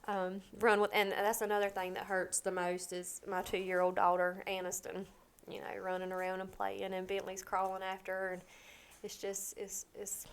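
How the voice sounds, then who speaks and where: A woman with a drawl speaks as a podcast guest. She tells a deeply personal story, halting often and leaning on soft fillers as she gathers herself. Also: completely flat delivery, clear, resonant tone. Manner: halting, with many pauses and fillers.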